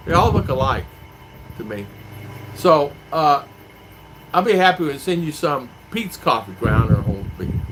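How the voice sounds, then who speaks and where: A man in a casual live-stream chat, rambling as he reads out viewer comments and answers them. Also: a little high. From United States. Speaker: vlogger. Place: home in the Philippines. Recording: clear clicking noise behind voice.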